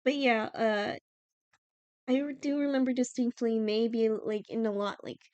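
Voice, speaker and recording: A woman's voice: a little high, steady tone, a little slow, a little mellow, smooth, no echo, dull audio. Giggly, chatty young woman streamer. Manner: chatty, giggly, lots of fillers. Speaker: livestreamer. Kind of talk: casual livestream chat.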